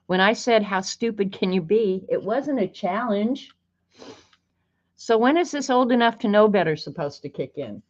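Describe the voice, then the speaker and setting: A woman's voice: mid-range voice, expressive, moderate pace, a little mellow. A woman hosting a casual art livestream, chatting, greeting viewers by name and reading snarky sayings aloud. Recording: dull lo-fi stream audio.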